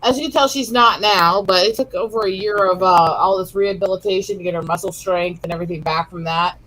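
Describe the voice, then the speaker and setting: A woman co-hosting a relaxed stream, telling long casual stories about her pets in a chatty, rambling way. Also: medium pitch, quick pace, a little hiss or hum, rough recording. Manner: chatty, rambling anecdotes with restarts. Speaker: co-host of a chill stream. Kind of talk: casual chat.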